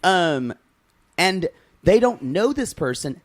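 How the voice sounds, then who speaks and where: A man co-hosting a podcast in casual chat, talking with animated swings and restarts. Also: normal speed. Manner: animated, jumps into high mimicking voices. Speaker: podcast co-host.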